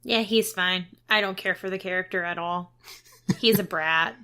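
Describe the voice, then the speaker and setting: A woman's voice: lowish voice, moderate pace, bright, forceful tone. A young woman co-hosting a movie podcast, chatting casually with blunt, teasing opinions. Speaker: podcast co-host. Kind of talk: casual movie review chat.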